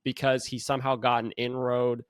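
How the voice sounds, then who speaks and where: A man's voice: mid-range voice, flat delivery, moderate pace, clear, resonant tone, no echo. Hedging male co-host, dry sound. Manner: conversational, hedging. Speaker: talk show co-host. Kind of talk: casual political debate.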